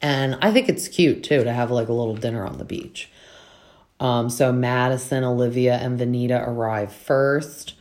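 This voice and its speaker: A young woman with a notably deep voice for a woman, talking casually through a reality TV recap. She fills her talk with "like" and slips into quick impressions of what others said. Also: darkish tone. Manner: chatty, fillers, acts out quotes from the cast. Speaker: podcast host recapping reality TV.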